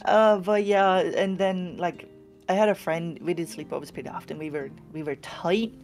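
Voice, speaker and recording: A woman from Sweden chatting casually, relaxed and thoughtful, with frequent fillers. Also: lowish voice, normal speed, soft background music. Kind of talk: casual chat.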